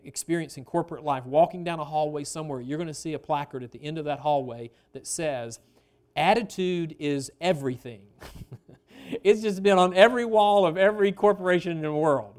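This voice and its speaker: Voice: medium pitch, a little mellow. A pastor preaching a sermon in a conversational way, often asking the congregation questions and stretching out key phrases for emphasis.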